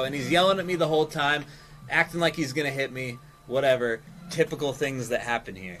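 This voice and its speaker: A man's voice: mid-range voice, expressive, a little fast, a bit bright. A man telling a rambling story on his stream, swearing freely and easily distracted. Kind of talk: casual storytelling on a live stream.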